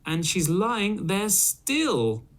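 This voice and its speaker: A man doing a shrill little baby bear. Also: sing-song, very slow, heavily acted. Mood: upset. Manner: shrill and high. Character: tiny squeaky boy bear cub.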